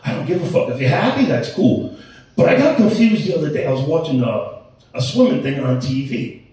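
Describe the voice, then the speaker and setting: A man in his late forties works through a crude, profane stand-up set, breaking off his own sentences as he goes. His voice is pitched a little high and swings widely and animatedly. The sound bounces around a heavily echoing room, picked up from a distance. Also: lively intonation, brisk, a little mellow. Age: 40s. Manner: crude, profane, rambling with self-interruptions. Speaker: stand-up comedian. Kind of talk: open-mic stand-up set. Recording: echoey room, mic at a distance.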